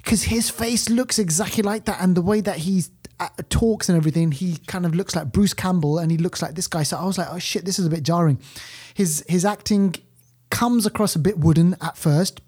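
A man hosting a podcast, reviewing films in an animated, rambling chat. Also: high voice, brisk, slightly rough. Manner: animated, rambling, laughing storyteller. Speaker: podcast host, film reviewer. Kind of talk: casual chat.

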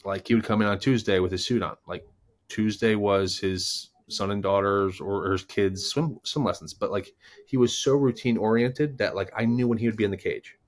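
A man's voice: lowish voice, normal speed. A man in his thirties, a former baseball player co-hosting a podcast, telling stories in a casual chat. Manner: storytelling, animated anecdotes.

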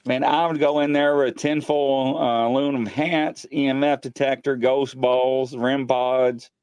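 A man hosting a live paranormal show from his home studio, telling ghost stories excitedly and acting out what people said. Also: medium pitch, measured pace, smooth, no room sound. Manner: excitable storyteller, acts out quotes. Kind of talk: casual live-stream chat. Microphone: desk mic.

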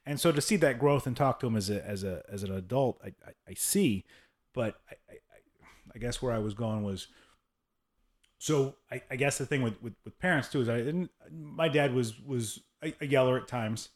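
A man's voice: medium pitch, moderate pace. A man in his thirties hosting a casual interview chat, talking frankly, swearing, and acting out voices when he tells a story. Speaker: podcast host.

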